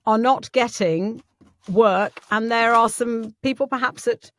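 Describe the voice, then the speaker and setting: A woman's voice: a little high, a little slow. Playful woman host. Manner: playful, laughing interjections. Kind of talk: casual interview chat.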